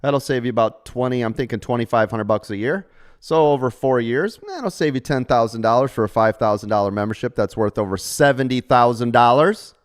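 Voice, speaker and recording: A man's voice: medium pitch, animated, brisk. A middle-aged man hosting a live trading stream, talking casually and salesy to members, joking and tossing in "right?" often. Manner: chatty, salesy, jokey with frequent rhetorical "right?".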